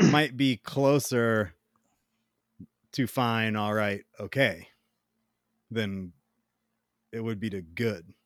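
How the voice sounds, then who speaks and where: A man's voice: fairly low pitch, fairly even intonation, very slow, pauses often, dry recording. Rambling man on a dry podcast mic. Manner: rambling, acts out quoted friends in funny voices. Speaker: podcast co-host. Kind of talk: casual chat.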